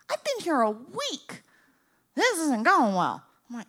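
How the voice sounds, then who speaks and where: A young woman from Florida tells a comic story. Her voice is high and bright and jumps around a lot. She acts out the people in it and swings from loud to hushed. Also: wildly swooping pitch, slow, pauses often.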